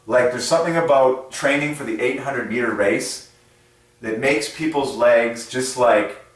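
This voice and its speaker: Far from the microphone in a very echoey space, a man hosts a religious numerology video at a measured pace. Excitable and casual, he rambles along with frequent fillers and sudden changes in pitch.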